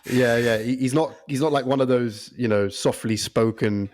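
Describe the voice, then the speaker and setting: Brief: man, podcast co-host, lively banter, laughs a lot, medium voice. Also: medium pitch. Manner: animated, laughs often, does quick impressions. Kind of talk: casual chat.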